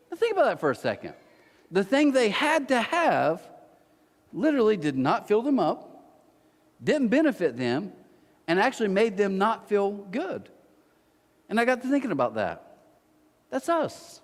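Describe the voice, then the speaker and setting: A man, a pastor, delivering a sermon with animated storytelling and self-mocking humor. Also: high-pitched, moderate pace, long reverb tail. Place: church auditorium.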